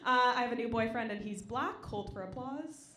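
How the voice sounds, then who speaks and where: A young woman doing a stand-up comedy set on a club stage, dry and deadpan between loud acted-out quotes. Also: fairly high pitch, moderate pace, noisy background. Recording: echoey live venue.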